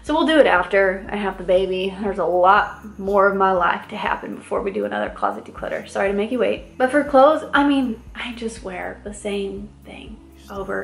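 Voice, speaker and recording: Woman, 30s, Midwestern, upbeat chatty vlogger, middle pitch, echoey room. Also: vocal fry. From American Midwest. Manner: chatty and upbeat, frequent "like" fillers. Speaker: lifestyle vlogger. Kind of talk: casual chat to camera. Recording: roomy echo with faint music.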